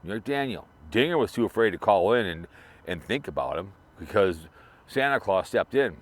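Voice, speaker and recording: A man's voice: lowish voice, expressive, moderate pace. A man talking in a loose, rambling way, repeating himself while he drives and remembers a friend. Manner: rambling, repetitive, restarts a lot. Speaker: vlogger remembering a late fellow creator. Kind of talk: casual rambling monologue.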